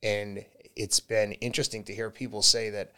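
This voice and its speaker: A man with a low voice speaks candidly as an interview guest. He talks casually and laughs often, sometimes dropping into quoted voices. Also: level tone, normal speed, sharp tone, smooth. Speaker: podcast guest, marathon runner.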